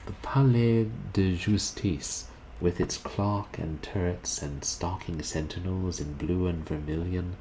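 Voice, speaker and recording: A man reading a classic short story aloud, in a deliberate, expressive manner, shifting his voice for the characters. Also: deep voice, slight background noise, poor audio.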